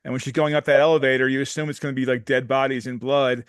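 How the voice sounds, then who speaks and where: A man's voice: medium pitch, level tone, fast talker, smooth, no room sound, studio quality. A man taking part in an acting workshop discussion, eager and thinking aloud as he goes. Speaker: actor in a workshop. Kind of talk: casual group discussion.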